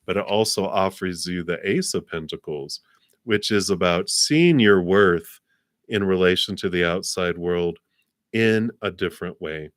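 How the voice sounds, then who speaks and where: A man with a low, deep voice gives a casual live tarot reading, rambling with fillers and laughing lightly between phrases. The sound is close and dry, with no room echo around him. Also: a little slow. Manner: chatty, easygoing, laughs often between phrases; rambling with fillers, paraphrases spirits in his own voice. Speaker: tarot card reader, host of a live stream.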